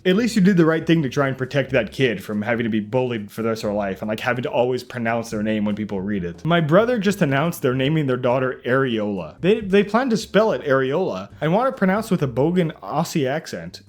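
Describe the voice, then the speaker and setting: A man's voice: mid-range voice, big pitch swings, fairly quick, hardly any pauses. Young man, comedic reaction host, sarcastic, incredulous, laughs a lot, mid-range voice.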